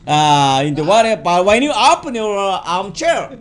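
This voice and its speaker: A man preaching a teaching sermon in halting English, full of fillers and repeated words. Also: high voice, big pitch swings.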